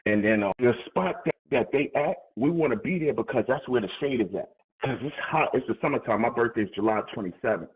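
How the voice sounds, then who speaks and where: A young adult man, a motivational speaker telling a personal story in a lively, conversational way and acting out the voices in it. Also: mid-range voice, slightly rough. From New York. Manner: animated, conversational, acts out quoted dialogue. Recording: tinny phone-like sound.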